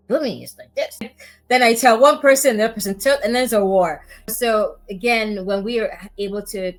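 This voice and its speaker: Woman podcast host telling stories, acts out quotes, pretty lively. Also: fairly low pitch. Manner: animated storyteller who acts out quoted lines. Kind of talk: conversational podcast interview.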